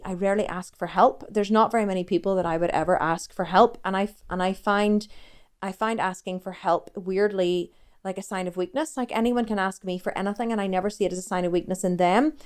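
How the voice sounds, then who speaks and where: A woman in her forties speaks in a candid, confessional vlog. She rambles and keeps cutting herself off mid-thought. Her voice is smooth and clear, at a middling pitch. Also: fairly even intonation, brisk. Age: 40s. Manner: rambling, confessional, self-interrupting. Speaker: fitness coach and vlogger.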